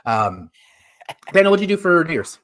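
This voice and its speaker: A man's voice: a little high, sing-song, moderate pace, fairly bright tone. Joking male live-stream host. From California. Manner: jokey, laughing, rambling with fillers. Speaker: podcast host. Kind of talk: casual chat.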